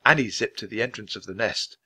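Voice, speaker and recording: Man storybook reader, bright and clear, measured pace. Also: on the low side. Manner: clear, measured, expressive reading. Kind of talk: reading aloud a children's book.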